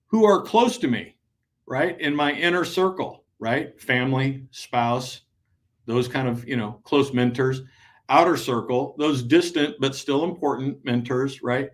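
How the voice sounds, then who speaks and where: Podcast guy giving advice, mid pitch, lively, acts out little convos and keeps saying "right?". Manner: animated, acts out imagined conversations; peppers sentences with "right?". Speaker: podcast co-host and transition advisor.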